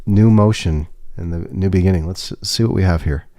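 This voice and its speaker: A man's voice: low voice, normal speed, mellow, no room sound. A man hosting a livestream podcast, musing and trailing off as he reads tarot cards aloud. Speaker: podcast host reading tarot. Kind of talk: casual livestream talk.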